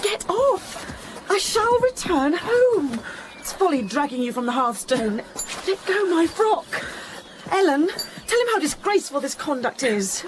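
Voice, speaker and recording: A woman's voice: very high-pitched, very animated, measured pace, a little hiss or hum, full character voice. An actress playing a proud, impatient young woman in a radio drama, imperious and scolding.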